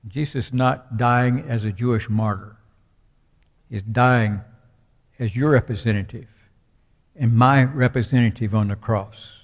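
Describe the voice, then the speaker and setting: A man preaches with slow, deliberate emphasis, lifting his voice on the words he wants to land. His delivery is unhurried, and the dull, muffled recording rings with the long tail of a large hall. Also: medium pitch, steady tone. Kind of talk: sermon.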